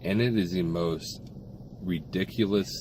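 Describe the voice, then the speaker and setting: A man's voice: low-pitched, unhurried, a little mellow, a little hiss or hum. A man co-hosting a casual film review, talking in rambling bursts with many restarts and fillers.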